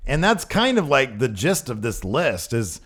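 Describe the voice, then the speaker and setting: A man's voice: mid-range voice, sing-song, takes it slowly, fairly bright tone, husky. A man co-hosting a podcast in casual chat, sarcastic and ranting freely. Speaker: podcast co-host.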